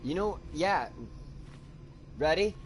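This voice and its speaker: A man's voice: a little high, lively intonation, takes it slowly, slight background noise. A man co-hosting a gaming stream, telling school stories casually with some swearing. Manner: casual, profane storytelling. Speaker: co-host of a gaming channel. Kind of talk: casual chat while gaming.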